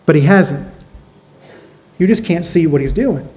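A man's voice: a little high, measured pace, a little mellow, rough recording. A man preaching a sermon as pastor, earnest, repeating phrases and asking the congregation questions.

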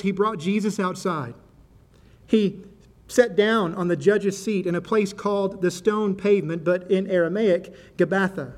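A man pastor reading scripture aloud and leading prayer in a sermon, stressing quoted speech with a raised voice. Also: high-pitched.

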